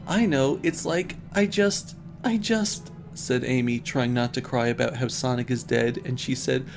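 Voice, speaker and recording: A man's voice: mid-range voice, creaky. A man on a stream reading bad fan fiction aloud as comedy, often laughing and breaking off to mock the text.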